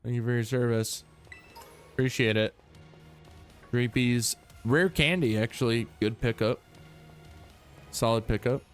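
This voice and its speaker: A man's voice: medium pitch, unhurried, pauses often, faint music behind. A man casually commenting on his gameplay as a streamer, laid-back, swearing and talking to his chat.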